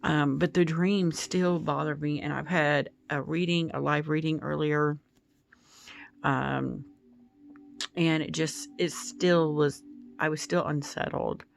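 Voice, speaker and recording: Slow, heavily creaky woman vlogger. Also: sits low, steady tone, faint music behind. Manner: meandering, hesitant storytelling. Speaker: tarot-reading YouTuber. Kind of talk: casual vlog storytelling.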